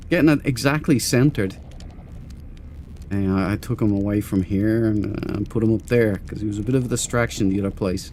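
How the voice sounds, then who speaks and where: A man's voice: fairly low pitch, a little fast, a little mellow, slight background noise. Guy streaming a space game, chatty and joking at himself, reading out chat names. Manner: chatty, self-mocking, greets chat by name. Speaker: gaming livestream host. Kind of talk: casual live stream chat.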